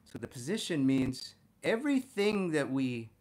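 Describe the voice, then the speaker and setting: A man teaching figure drawing and talking through a study, energetic and punctuating his points with "boom". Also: unhurried, a little hiss or hum. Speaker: art instructor.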